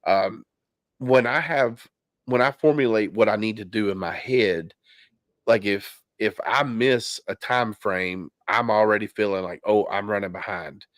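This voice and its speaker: Low-voiced man hosting a podcast. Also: unhurried, a bit bright, no room sound, studio quality. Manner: candid, talks in loose restarts and fillers. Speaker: podcast host. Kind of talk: casual podcast chat. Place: home basement.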